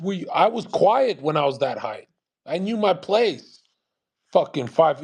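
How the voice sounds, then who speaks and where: A man's voice: a little high, darkish tone, breathy edge. A man ranting in a live audio chat, profane and aggressive, scornful, hammering the same point again and again. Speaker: online streamer.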